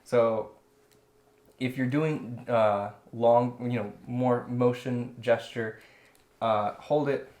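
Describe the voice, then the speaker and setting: Speaking slowly with fairly even intonation, a male drawing instructor co-hosts a casual lesson, explaining each step as he demonstrates. His medium-pitched voice sounds a little mellow.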